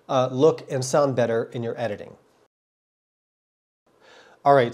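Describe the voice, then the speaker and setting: A man's voice: mid-range voice, a little mellow. A man with a cold, hosting his own motorcycle vlog and giving a friendly, thorough explanation of how he films, often doubling words for stress. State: has a cold. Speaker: motorcycle vlogger. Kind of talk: casual explanatory vlog talk.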